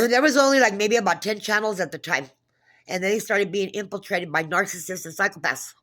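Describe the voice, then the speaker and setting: Speaking a little fast in a fairly bright, medium-pitched voice, this woman vlogs straight to camera. Her casual monologue is agitated and full of profanity as she recounts a phone call with frequent restarts.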